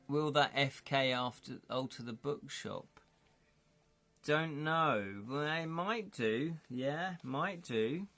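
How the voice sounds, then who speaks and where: A man's voice: a little high, sharp tone. A man hosting a live stream, chatting casually and joking with his viewers while reading through a gamebook. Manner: chatty, jokey, talks to chat, laughs often. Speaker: livestream host reading a gamebook.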